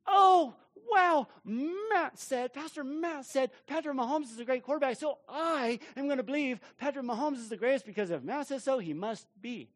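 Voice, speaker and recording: A man voicing an excited, gullible young child who gushes with wide-eyed amazement. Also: extremely high pitch, moderate pace, few pauses, pitched above the performer's own voice. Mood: gushing.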